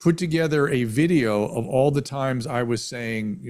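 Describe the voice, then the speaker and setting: A man around seventy, a physician, telling his story in an interview, halting with many restarts and self-corrections. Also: mid-range voice, a little mellow. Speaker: physician guest.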